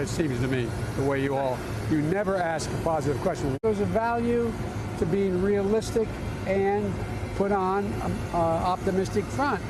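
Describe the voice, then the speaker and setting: An older man speaking at a press conference, halting and repeating himself. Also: on the high side. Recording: noisy archive clip.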